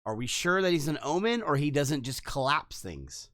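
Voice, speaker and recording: A man's voice: on the high side, very animated, moderate pace, a bit bright, no echo, clean studio sound. A man co-hosting a podcast, making joking, teasing remarks in casual chat. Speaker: podcast co-host.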